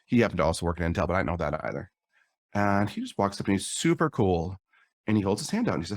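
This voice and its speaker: A man's voice: low-pitched, lively intonation, quick pace, no room sound. A middle-aged man on a podcast, candidly telling a personal story and acting out the dialogue. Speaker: podcast guest.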